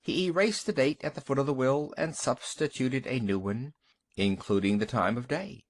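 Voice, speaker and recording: A man narrating a short story for an audiobook in an expressive storytelling manner. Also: medium pitch, normal speed.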